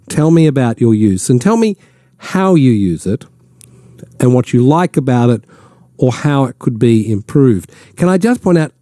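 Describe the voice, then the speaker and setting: A man with an Australian accent hosting talkback radio, chatty and animated, slipping into mock voices. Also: mid-range voice, no echo, clean studio sound. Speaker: radio host. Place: radio studio.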